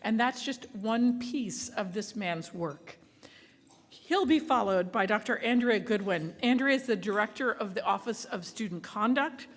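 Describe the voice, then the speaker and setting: A woman's voice: mid-range voice, lively intonation, a little slow, in a large hall. A woman hosting an awards ceremony, talking to the room in a playful, jokey, chatty way. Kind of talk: live ceremony remarks. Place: large event hall.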